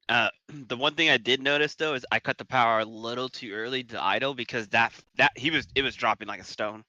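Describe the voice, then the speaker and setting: A man's voice: medium pitch, a little fast, pushed and bright, dry recording, highs cut off. A man co-hosting a flight-simulator stream, chatting casually, rambling and restarting his sentences with chuckles. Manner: rambling, self-correcting, chuckles a lot. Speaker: stream co-host. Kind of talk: casual live-stream chat.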